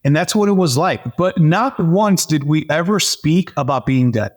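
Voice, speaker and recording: A man as an interview guest, telling a personal story in a lively, animated way, with frequent fillers and restarts. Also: on the high side, normal speed. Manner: animated storyteller, acts out dialogue. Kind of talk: personal testimony in conversation.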